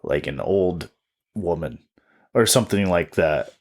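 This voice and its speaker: A man's voice: deep voice, expressive, unhurried, a little mellow. A man in his twenties, a comedian and podcast co-host, telling a story in casual chat, swearing freely and acting out quotes. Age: 20s.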